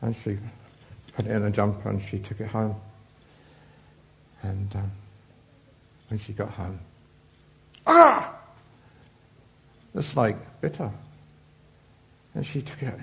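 Guy preaching, gravelly voice, rambly and chatty, lots of ums. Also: fairly low pitch, measured pace, long pauses, a little mellow. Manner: chatty, rambling, with many fillers and asides. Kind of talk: informal sermon.

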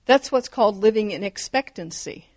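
A woman's voice: mid-range voice, lively intonation, moderate pace, a little mellow. A woman in her fifties or older delivers a sermon with a mid-range voice. She preaches fervently and emphatically, stacking short repeated phrases to press each point home.

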